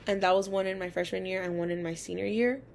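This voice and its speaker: A woman's voice: mid-range voice, fast talker, vocal fry, a little hiss or hum. A young adult woman and college student telling personal school stories in a chatty way, full of fillers. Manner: chatty, many fillers, animated quoting of others. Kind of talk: casual personal storytelling.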